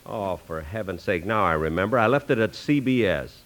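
A man's voice: low-pitched, lively intonation, normal speed, fairly bright tone. A man with a dry, exasperated manner, playing the lead in a 1940s radio comedy. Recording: old radio broadcast with audience laughter.

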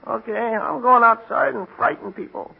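A man's voice: very high voice, fairly even intonation, normal speed, creaky, highs cut off, heavily acted. An actor playing a meek, mild-mannered man who claims a bloodthirsty monster side, in 1940s radio comedy style. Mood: sinister. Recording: noisy old radio broadcast.

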